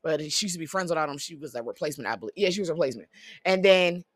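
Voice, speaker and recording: A vlogger giving blunt, profane opinions in casual commentary, swinging between loud outbursts and muttered asides. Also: medium pitch, lively intonation, racing, dry recording.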